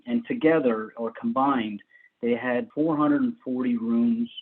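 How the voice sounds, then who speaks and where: A man guest telling stories about his early career in a casual, rambling way, laughing often and restarting sentences. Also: mid-range voice. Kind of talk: casual storytelling. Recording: tinny phone-like line.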